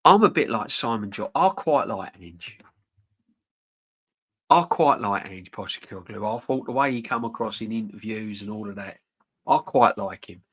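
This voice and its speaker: A man's voice: lowish voice, lively intonation, moderate pace, a bit bright, husky. A middle-aged man, rambling frankly as he chats with viewers on a live football stream. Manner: rambling, frank, chatty with restarts. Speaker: football channel host reading live chat. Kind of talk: casual live-stream chat.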